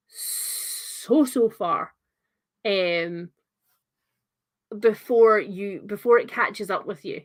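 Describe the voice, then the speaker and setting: A woman's voice: mid-range voice, fairly bright tone. A young woman hosting a livestreamed book club discussion, talking in a chatty, enthusiastic way with lots of filler words.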